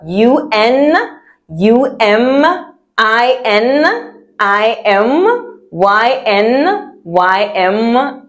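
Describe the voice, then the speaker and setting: Woman teaching French pronunciation, patient. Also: a little high. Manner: repeats words slowly, with small laughs. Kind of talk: pronunciation lesson.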